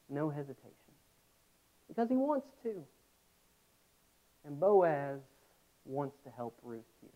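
A man preaching a sermon, earnest, with reflective pauses. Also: a little high, big pitch swings. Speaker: pastor. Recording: tinny phone-like sound.

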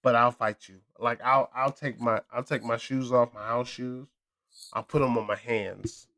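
Man, podcast host, casual chat, animated trash talk, mid pitch. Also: normal speed. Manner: loud, profane, animated trash talk with laughter. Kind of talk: casual chat between friends.

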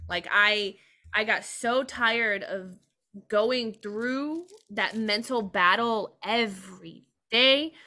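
A young woman with a bright, forceful voice talks candidly as a podcast guest. She is earnest and open, and lets out a laugh now and then even when the subject is heavy. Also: a little high, slow. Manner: open, earnest, laughs while telling hard things. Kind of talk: candid personal conversation.

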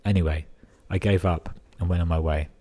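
This young English podcast host reads listener stories casually and profanely, his very low voice dark and slightly husky. He keeps a steady tone at a fairly quick pace. He often breaks off to mock the emails with dry, sarcastic, sweary remarks.

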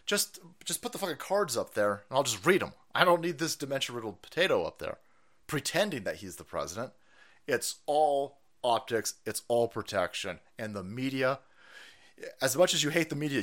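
A man hosting a live stream, pouring out a profane, mocking rant. His voice leaps up and down in pitch and breaks into angry shouted bursts. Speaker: political streamer.

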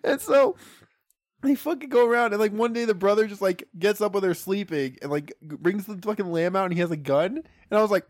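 A young man tells a film plot in casual chat. He is animated and profane, laughs often, and acts out the characters' lines. His voice sits a little high, and the sound is dry and close. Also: quick pace, no echo. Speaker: podcast co-host.

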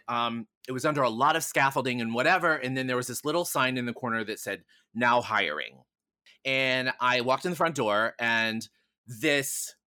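A man, a podcast guest, telling a candid personal story in a frank, animated way and swearing casually. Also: medium pitch, dry recording, clean studio sound.

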